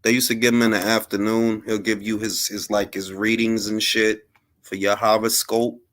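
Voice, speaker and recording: A man's voice: lowish voice, flat delivery, normal speed, fairly bright tone. A man hosting a casual boxing podcast, telling stories in slangy English with Spanish phrases thrown in. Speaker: podcast host. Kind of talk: casual panel chat.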